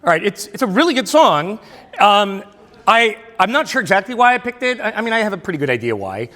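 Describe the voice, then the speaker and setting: Animated man speaking in an echoing hall. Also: high-pitched, a little fast. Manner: self-deprecating, animated storytelling. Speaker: keynote speaker. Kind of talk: storytelling keynote speech. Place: large hall at a luncheon. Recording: long hall reverb.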